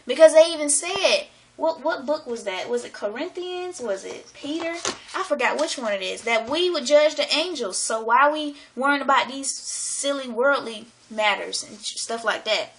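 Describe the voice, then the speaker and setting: A woman talking to her camera in a casual vlog monologue, excited and rambling, slangy and swearing freely. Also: high-pitched, normal speed, a little hiss or hum. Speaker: vlogger.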